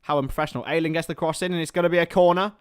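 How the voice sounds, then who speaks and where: A young man with a slightly high, clean-toned voice talks in rapid-fire bursts while hosting a live football watchalong. He alternates play-by-play with rambling, chatty digressions and gets excited when chances appear.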